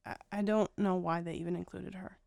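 A woman's voice: on the low side, fairly even intonation, brisk, gravelly, mellow, no room sound. A woman co-hosting a podcast, casually recapping a movie in a blunt, sarcastic way. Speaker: podcast co-host.

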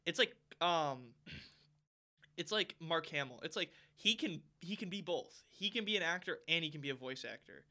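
A young man co-hosting a podcast in casual chat, rambling with lots of fillers and getting loud when excited. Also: on the high side, normal speed. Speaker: podcast co-host.

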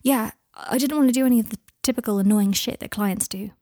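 A woman voicing an earnest, gentle young man who reassures with some hesitation, in a fan fiction reading. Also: fairly high pitch, quick pace, dry recording, studio quality, natural voice. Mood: hasty.

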